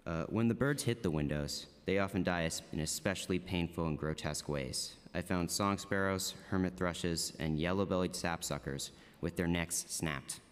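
A man's voice: deep voice, moderate pace, few pauses, clean tone. A teenage boy earnestly reading prepared testimony as a student witness. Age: teens. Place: council chamber. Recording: long reverb in a hall.

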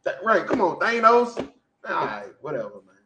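A man hosting a podcast, talking in casual, profane, animated commentary and laughing often. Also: high-pitched, moderate pace, reverberant, noisy background. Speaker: podcast host.

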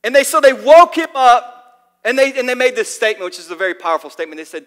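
Bright-voiced high male preacher. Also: fast, in a large hall. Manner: animated storytelling with casual fillers. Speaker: pastor. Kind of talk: sermon. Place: church hall.

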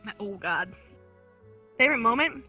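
A young-sounding woman chatting as an interview guest, bubbly and animated as she tells stories, with faint music behind her. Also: on the high side, normal speed. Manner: bubbly, giggly, animated storytelling. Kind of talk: casual chat. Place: virtual reality social game session.

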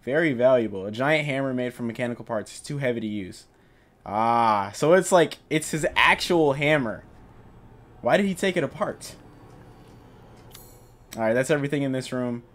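A young man narrating his own gameplay, joking around and shouting when he gets startled. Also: mid-range voice, moderate pace, pauses often. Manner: jokey, excitable, yells when startled. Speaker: gaming YouTuber. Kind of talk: let's play commentary.

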